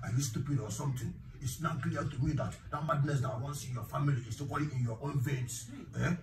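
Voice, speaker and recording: A man's voice: a little high, steady tone, quick pace, natural voice. An actor playing a bossy, mocking village man who scolds and keeps asking "eh?". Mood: scolding. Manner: scolding, repeating "eh?". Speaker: actor in a comedy skit. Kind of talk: skit acting. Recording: echoey room, distant mic, noisy.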